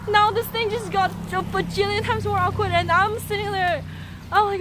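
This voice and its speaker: A young adult woman streamer telling a personal story to her chat, animated, laughing and stumbling over restarts. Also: extremely high pitch, noisy background. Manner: animated, laughing, halting retelling with many restarts. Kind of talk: casual storytelling to a live chat.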